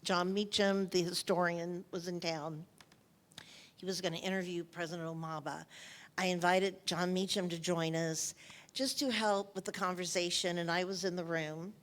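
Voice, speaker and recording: A woman's voice: fairly low pitch, steady tone, moderate pace. An older woman in an onstage interview, telling anecdotes in an emotional way and often repeating her phrases. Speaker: interviewed author.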